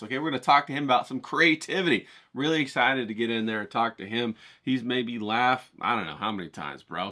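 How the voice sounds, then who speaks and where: A man's voice: on the high side, sharp tone. A middle-aged man vlogging outdoors in a hyped, rambling way, swearing casually and talking straight to his viewers. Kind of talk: casual chatty vlog talk. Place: outdoors, cold day.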